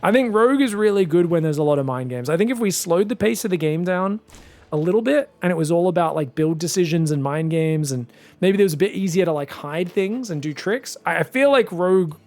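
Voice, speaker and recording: A man casting a video game match on his own, chatty and excitable, often laughing and restarting his sentences. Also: sits high, fairly quick. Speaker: esports caster. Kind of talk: solo game commentary.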